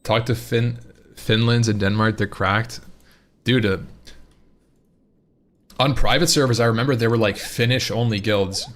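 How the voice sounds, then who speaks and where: A man's voice: mid-range voice, fairly even intonation, measured pace, long pauses. A man streaming live, chatting casually and rambling with his viewers, often repeating and restarting his words.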